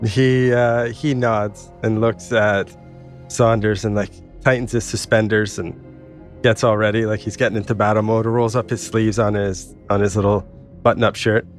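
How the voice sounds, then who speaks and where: A man's voice: fairly low pitch, little pitch movement, moderate pace, soft background music. A man as game master narrating a tabletop game in a loose, rambling way.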